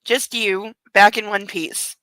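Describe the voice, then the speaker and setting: A woman reading the lines of a controlling young husband in a low, quiet, measured voice. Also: fairly even intonation, no room sound, low-quality recording. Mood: soothing. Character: controlling wealthy young husband, smooth and possessive.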